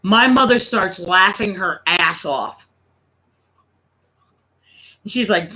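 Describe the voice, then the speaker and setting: Bright-voiced man telling a profane story. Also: sits high, lively intonation, slow pace, long pauses, low-quality recording. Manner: profane, laughing anecdote-teller. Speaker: streamer. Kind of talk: casual storytelling.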